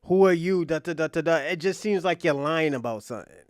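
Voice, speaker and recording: High-voiced blunt male reaction host. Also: quick pace, no echo, clean studio sound. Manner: blunt, swearing, talks to the viewers directly. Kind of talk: casual reaction commentary.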